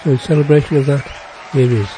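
A man presenting on radio, reading a formal introduction in a steady way. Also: medium pitch, quick pace, a crowd in the background, noisy background. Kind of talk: scripted introduction read aloud.

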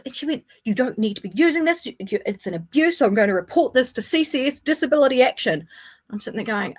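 A woman's voice: fairly high pitch, animated, fairly quick. A woman in casual radio chat, telling anecdotes sarcastically and acting out the quotes.

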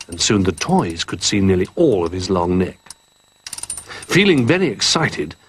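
A man reading a children's picture-book story aloud in an expressive, animated way. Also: mid-range voice, a little hiss or hum.

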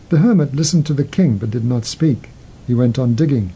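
A man hosting a show, narrating a story in a measured, gentle way. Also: fairly high pitch, husky, rough recording. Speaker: host.

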